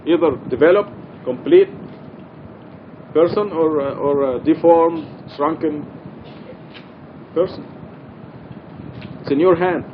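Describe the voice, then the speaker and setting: A man leads a study class in a mosque with an earnest, emphatic delivery, driving his main points home through repetition. His voice sits a little high for a man. The recording sounds dull and lo-fi, with a faint rumble underneath. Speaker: Quran study teacher. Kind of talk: religious study lecture.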